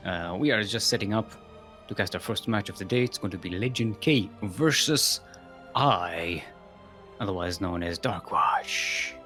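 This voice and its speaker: A man hosting and casting an esports tournament in a playful, rambling way, with booming ring-announcer introductions. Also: normal speed, a bit bright, soft background music. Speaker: tournament host and caster.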